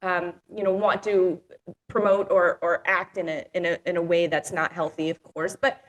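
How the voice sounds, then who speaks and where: A woman's voice: lowish voice, little pitch movement, moderate pace, highs cut off. A woman in her forties hosting an interview, chatty and affirming, drawing out her words. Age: 40s. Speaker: podcast host. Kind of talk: conversational interview.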